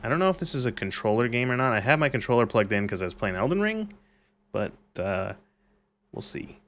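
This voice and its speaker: A man's voice: mid-range voice, sing-song, brisk, fairly bright tone, slight background noise. A man streaming a video game and chatting casually, joking and poking fun at himself. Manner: joking, self-mocking, laughs a lot. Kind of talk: casual gaming stream chat.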